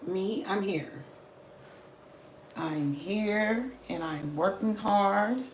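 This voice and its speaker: A hoarse woman chatting casually with viewers on a home live stream from a small room, greeting them in many languages. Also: medium pitch, lively intonation, very slow, slight background noise. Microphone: phone camera. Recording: roomy home recording.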